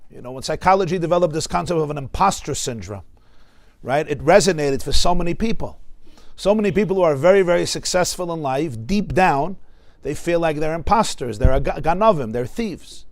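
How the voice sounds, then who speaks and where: A man's voice: fairly high pitch, animated, a little fast. A man with a New York accent, a rabbi giving a Torah class in a study hall, emphatic and repeating words for stress.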